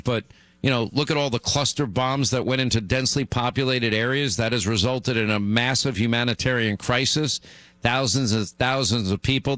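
A man's voice: mid-range voice, a bit bright, no room sound. A middle-aged man hosting a talk radio show, delivering an emphatic monologue that gets worked up.

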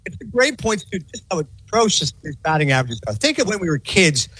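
A middle-aged man talking sports on a radio show as a guest analyst, fast and animated, acting out quotes as he goes. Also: high-pitched, breathy edge, dry recording. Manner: rapid and animated, acts out quotes. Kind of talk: fast casual sports talk.

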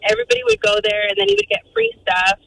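Female caller, animated storyteller, bright and quick, acts out every quote. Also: extremely high pitch, creaky, a little hiss or hum, rough recording. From Arizona, USA. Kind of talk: telling a story on a radio call-in.

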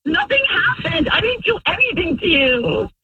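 A woman's voice: very high-pitched, big pitch swings, normal speed, sharp tone, dry recording, distant mic, lo-fi sound. A woman calling into a radio show, emotional and accusing, repeating herself as she confronts someone over the phone.

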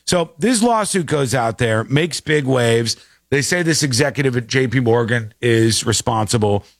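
A man's voice: medium pitch, expressive, normal speed, dry recording, studio quality. A man hosting a casual commentary show, talking in an incredulous, joking way. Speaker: show host.

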